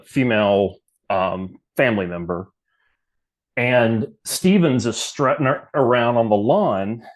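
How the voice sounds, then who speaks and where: Man telling a story casually. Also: medium pitch. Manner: loose, rambling, many fillers.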